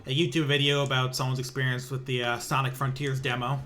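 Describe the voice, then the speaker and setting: A man's voice: medium pitch, flat delivery, fast, pushed and bright, faint music behind. A young man streaming a pinball game, chatting casually in a rambling way with many restarts and sarcastic asides. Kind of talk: casual stream commentary while playing.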